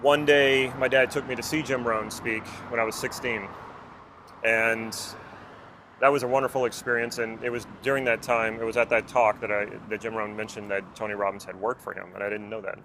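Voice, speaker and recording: A man's voice: fairly low pitch, flat delivery, a little fast. Earnest man talking over traffic noise. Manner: earnest, asks the viewer many questions. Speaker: personal development coach. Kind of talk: reflective talk to camera.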